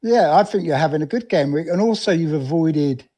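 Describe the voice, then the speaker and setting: A middle-aged man co-hosting a podcast stream, speaking in a calm, reassuring way with plenty of ums. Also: fairly high pitch, fairly quick. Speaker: podcast co-host. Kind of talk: casual chat on a live stream.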